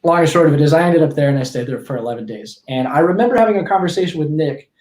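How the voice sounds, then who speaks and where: A man in his twenties talks through a story as a podcast guest, in a slightly high voice that keeps restarting and correcting itself. His casual rambling carries a noticeable echo from the room around him. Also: lively intonation, very fast, a little mellow. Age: 20s.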